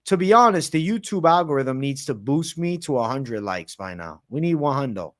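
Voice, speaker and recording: A man hosts a casual late-night MMA livestream Q&A, answering viewers in a laid-back, slangy way. His voice is medium in pitch and animated, at a normal speed.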